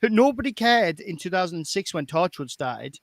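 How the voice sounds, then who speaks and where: A man's voice: high voice, big pitch swings, normal speed, no echo. A man co-hosting a podcast, talking in an emphatic, exasperated way and repeating himself as he makes his point. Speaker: podcast co-host. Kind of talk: opinionated casual chat.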